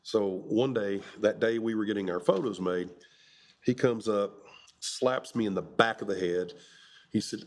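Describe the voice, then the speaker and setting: A middle-aged man from Kentucky, a Marine veteran, telling relaxed stories with a chuckle in an oral history interview. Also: on the low side, moderate pace. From Kentucky, USA. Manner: relaxed anecdotal storytelling with chuckles.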